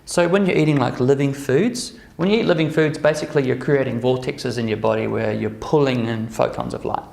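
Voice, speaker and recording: Chatty man with a gravelly voice in an echoey room. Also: medium pitch, a little fast, a little mellow. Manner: chatty, checks in with the group using frequent "okay?" and "right?". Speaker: workshop presenter. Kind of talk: casual workshop talk to a live group.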